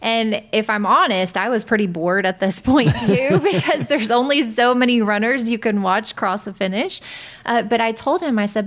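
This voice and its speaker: Animated woman in her thirties telling her story. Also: a little high, moderate pace. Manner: lively, animated storyteller who laughs often. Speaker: guest. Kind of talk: personal storytelling in a podcast interview.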